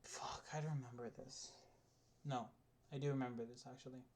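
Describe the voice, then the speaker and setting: A man's voice: medium pitch, fairly even intonation, a little fast, a little mellow. A man delivering a casual, rambling spoken rant as a video essayist, with frequent restarts and the odd swear.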